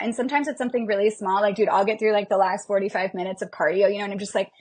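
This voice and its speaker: Woman athlete on a podcast, kinda husky, tells it straight and laughs at herself. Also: mid-range voice, very fast. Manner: candid, self-mocking, animated storytelling. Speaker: podcast guest, MMA fighter and bodybuilder. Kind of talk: casual interview chat.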